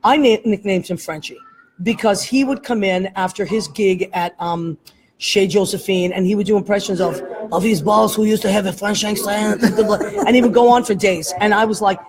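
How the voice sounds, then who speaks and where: A woman with a mid-range voice hosts a casual talk show, live streamed on camera from an airport. She chats in a rambling way at normal speed and laughs often. The audio quality is poor.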